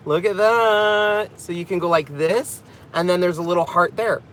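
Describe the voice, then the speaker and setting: Guy rambling on a crafting vlog from his car, kinda high voice, always going off on tangents. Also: brisk, a bit bright, slight background noise. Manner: chatty, rambling, goes off on tangents; laughs often and jokes about himself. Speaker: crafting channel host. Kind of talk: casual vlog chat.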